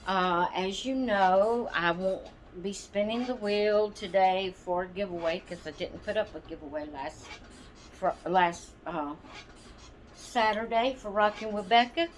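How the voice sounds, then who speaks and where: Lady vlogger rambling slow to her viewers, lots of ums, faint hiss behind. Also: medium pitch. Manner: rambling, chatty, frequent ums and asides. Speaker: doll channel vlog host. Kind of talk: casual chat to viewers.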